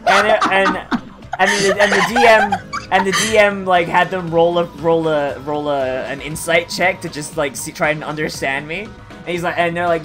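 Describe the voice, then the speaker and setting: A man's voice: high voice, normal speed, over music. A man streaming a game, telling a story in a rambling, swearing, filler-heavy casual chat.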